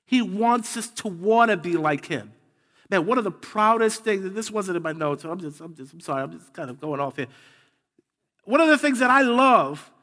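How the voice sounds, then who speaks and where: Male pastor, 30s, high voice, conversational sermon that builds to fervent repetition, church hall reverb. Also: a bit bright.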